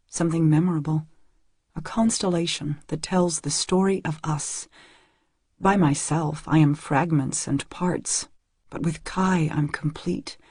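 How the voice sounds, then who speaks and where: Husky woman reading an audiobook. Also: low-pitched, dark tone, no room sound, clean studio sound. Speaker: audiobook narrator. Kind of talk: first-person novel reading.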